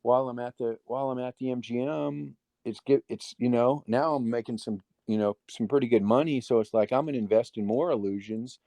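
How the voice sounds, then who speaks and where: A middle-aged man speaks as a guest on a casual interview, and his stories ramble along with restarts and quoted dialogue. His voice is mellow and relaxed. The recording is close and dry. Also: medium pitch, fairly quick, few pauses, no room sound. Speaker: guest magician.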